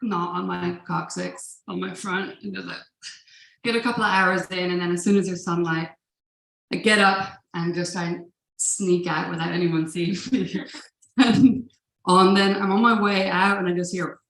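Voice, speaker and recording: A woman's voice: fairly low pitch, steady tone, moderate pace, creaky, a bit bright. A woman telling a personal story at a live event, in a casual, profane manner with frequent laughs. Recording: roomy live room echo.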